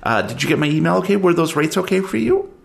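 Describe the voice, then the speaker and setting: A man's voice: fairly high pitch, very animated, fast, gravelly, voice pushed up, heavily acted. A man voicing a flustered middle-aged woman storage clerk who stammers and fusses politely. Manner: hesitant, stammering, fussy politeness.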